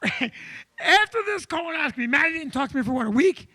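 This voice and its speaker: A male comedian hosting a live show from a comedy club stage, telling an animated, self-deprecating story. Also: very high-pitched, fairly quick.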